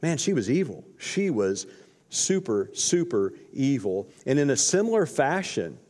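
A man's voice: medium pitch, very animated, a little slow, darkish tone. A man preaching a sermon, retelling scripture in a casual, slangy storytelling way. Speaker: pastor. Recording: long hall reverb.

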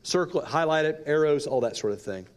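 A man's voice: a little high, lively intonation, fast talker. A male pastor telling a story during a sermon, dramatic and varying his pace for effect. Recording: long reverb in a large hall.

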